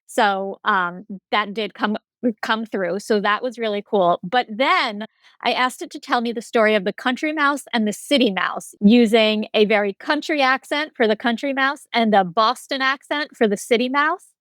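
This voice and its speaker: A female podcast co-host with a higher voice, explaining stories in relaxed casual chat. The sound is dry and close. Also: normal speed, dry recording.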